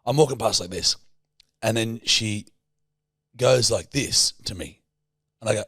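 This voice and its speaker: A young Australian man with a gravelly edge tells a story on a podcast, swearing freely and acting out the voices of the people in it. His voice sits in a middle pitch and sounds dry and close to the mic. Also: expressive, normal speed, long pauses, a bit bright, no echo. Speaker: podcast co-host. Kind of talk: casual chat.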